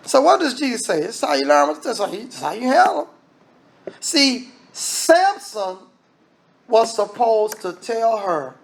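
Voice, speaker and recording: A man preaching a lively sermon, firing off rhetorical questions and acting out voices. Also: very high voice, a little slow, gravelly.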